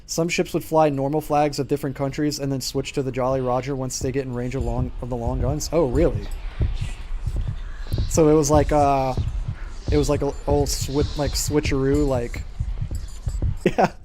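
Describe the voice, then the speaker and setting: A gaming streamer chats casually while playing, rambling with lots of filler words and frequent laughs. His medium-pitched, warm voice has little pitch movement, moves at a normal speed with frequent pauses, and carries a slight hiss or hum.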